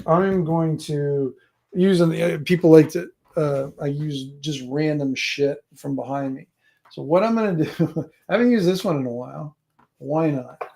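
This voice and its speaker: A man chats casually on a live stream from home, gear and books behind him, while working out a tabletop adventure. His voice is gravelly, fairly high, and darkish in tone, and he wanders through his thoughts aloud and pokes fun at his audience.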